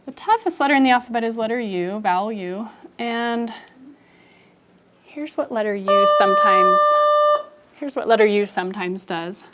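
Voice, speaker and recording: Playful, animated woman teaching a class. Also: mid-range voice, moderate pace, long pauses. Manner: animated storytelling, playful and expressive with students. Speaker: elementary school teacher. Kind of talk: classroom phonics lesson.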